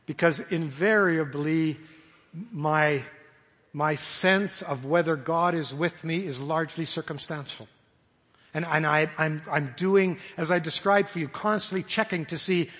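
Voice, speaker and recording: High, husky preacher in a reverberant hall. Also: male voice, a bit bright. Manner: earnest, halting restarts, voicing imagined inner prayers. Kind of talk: sermon.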